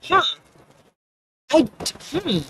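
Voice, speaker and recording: A woman's voice: extremely high pitch, very animated, slow pace, a bit bright, slight background noise. A woman with an Atlantic Canadian accent, chatting casually as a streamer while gaming, rambling and often trailing off mid-thought.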